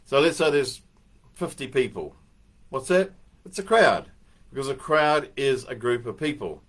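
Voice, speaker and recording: An older man speaking in a mid-pitched voice, neither high nor low, as he gives a relaxed motivational talk to a group. He rambles through anecdotes and stops to muse aloud, with fillers scattered through his delivery. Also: measured pace. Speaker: speaker giving a morning talk.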